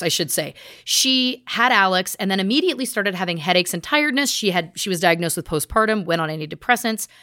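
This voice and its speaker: A woman's voice: on the low side, fairly bright tone, no echo, studio quality. A woman podcast host recounting research in a chatty, casual way, full of asides. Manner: chatty, speaks in asides and restarts. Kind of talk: casual storytelling chat.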